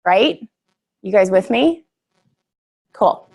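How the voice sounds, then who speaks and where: A woman's voice: medium pitch, animated, drawn-out words, creaky, a little mellow. A young woman giving a casual, earnest workshop talk to a group, chatty and full of fillers, laughing easily.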